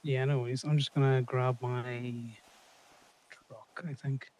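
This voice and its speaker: A man's voice: medium pitch, level tone, takes it slowly, a little mellow, dull audio. A man talking casually in character in a roleplay game, terse and tough-talking. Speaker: roleplay player.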